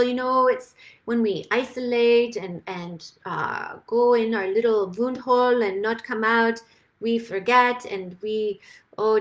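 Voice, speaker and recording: A tender female cosmic twin spirit, voiced by a woman, who talks in simple, broken English with a slightly high voice. She chats warmly and sympathetically as she tells a story, and her tone stays gentle throughout. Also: close to an everyday voice. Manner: soft, sympathetic, chatty. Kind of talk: channeled spirit talk.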